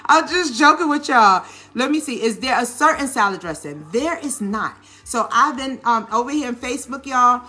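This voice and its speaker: A woman with a New Orleans accent chatting casually while making a salad in a home kitchen, animated and coaching, often checking in with her viewers. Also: on the high side, moderate pace, hardly any pauses. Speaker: lifestyle vlogger. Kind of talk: casual cooking vlog talk.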